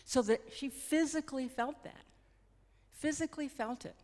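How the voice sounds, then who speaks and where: Middle-aged woman, gentle reflective storyteller. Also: high-pitched, moderate pace. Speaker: hospice nurse speaker. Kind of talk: personal storytelling talk. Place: church hall. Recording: long hall reverb.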